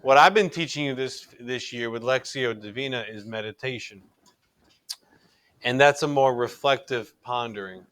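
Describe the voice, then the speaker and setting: A man's voice: mid-range voice, normal speed, a bit bright, no room sound. A middle-aged man teaching a recorded religion class in an earnest, conversational way, often restarting his sentences.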